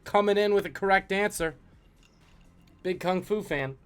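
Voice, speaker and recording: A man's voice: high-pitched, normal speed, fairly bright tone, a little hiss or hum. A man hosting a live-streamed trivia game, joking and chatting with viewers between questions.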